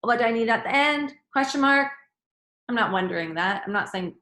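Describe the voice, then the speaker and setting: A woman's voice: on the high side, fairly quick. A woman teacher giving a grammar lesson to children, acting out sentences in different tones of voice. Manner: expressive, acts out sentences in varied tones. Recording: echoey room.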